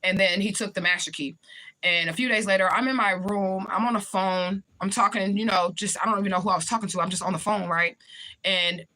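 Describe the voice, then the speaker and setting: Woman, quick bright delivery, casual storyteller who swears and keeps checking in with the listener. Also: mid-range voice, fairly even intonation. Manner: swears freely, repeats points for emphasis. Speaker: spiritual reader. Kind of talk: casual first-person storytelling.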